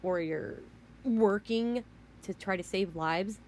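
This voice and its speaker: A woman's voice: mid-range voice, takes it slowly, a little mellow, a little hiss or hum. A woman vlogger delivering a rant, emphatic and rambling, who keeps repeating herself. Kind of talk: ranting monologue.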